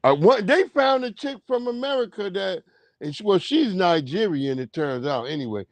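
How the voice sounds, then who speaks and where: Profane, animated man hosting a livestream. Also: high voice, normal speed, dry recording. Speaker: livestream host. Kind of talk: casual chat.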